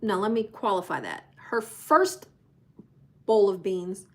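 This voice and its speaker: A woman's voice: mid-range voice, takes it slowly. A woman hosting a live cruise channel, telling a story casually and acting out the voices of the people in it. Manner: animated storyteller who acts out quoted voices.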